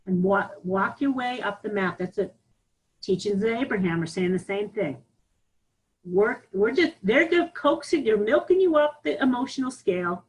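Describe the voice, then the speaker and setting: A woman giving a candid, animated spiritual talk on a live group call, laughing often. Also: mid-range voice, normal speed, breathy edge, poor audio. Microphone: online group call.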